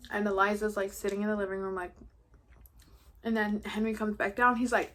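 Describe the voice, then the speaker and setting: A woman's voice: medium pitch, flat delivery, normal speed. A young woman in her late teens from New York, casually retelling a story for her vlog in a chatty, gossipy way with playful swearing. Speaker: vlogger. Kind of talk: casual story recap during a mukbang.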